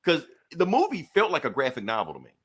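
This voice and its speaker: A man's voice: on the high side, wildly swooping pitch, quick pace, breathy edge. A man co-hosting a podcast, chatting casually and laid-back about a movie. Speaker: podcast co-host. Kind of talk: casual movie review chat.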